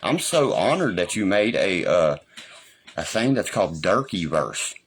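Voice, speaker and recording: A man's voice: low-pitched, big pitch swings, a little slow, a little hiss or hum. A man ranting angrily on a livestream, swearing constantly and taunting his critics. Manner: profane, combative, taunting. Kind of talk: angry livestream rant.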